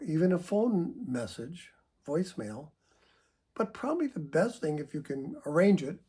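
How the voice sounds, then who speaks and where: A man speaking as a psychotherapist, giving calm, measured advice to viewers with frequent "uh" fillers. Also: on the high side, breathy edge.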